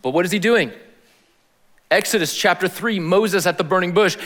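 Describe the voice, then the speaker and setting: A man giving a sermon as a pastor, in a casual, slangy style with animated emphasis. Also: high voice, moderate pace, pauses often, big-room sound.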